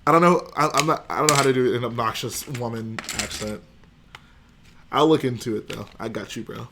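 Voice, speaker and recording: A man's voice: mid-range voice, brisk, gravelly, background noise. A young man hosting a casual livestream, joking and chatting with his viewers. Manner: joking, chatty, responds to chat. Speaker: livestream host.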